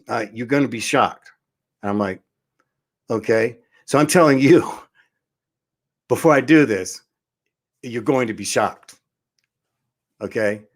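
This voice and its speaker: A man hosts his own talk show and tells a story to the camera. He rambles, starts his sentences over and over, and scatters fillers as he goes, in a casual and conversational way. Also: mid-range voice. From Southern California. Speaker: show host.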